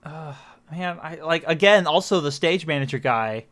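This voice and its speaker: Male co-host, halting and filler-heavy, a bit high-pitched, laughs often. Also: expressive, fairly bright tone. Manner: hesitant, many fillers, laughs at own jokes. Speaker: podcast host. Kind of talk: casual chat.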